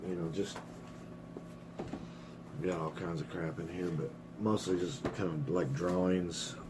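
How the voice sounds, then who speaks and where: A man's voice: sits low, steady tone, unhurried, background noise. A middle-aged man rambling candidly in a casual personal vlog, swearing freely and getting choked up. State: emotional, choked up. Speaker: vlogger.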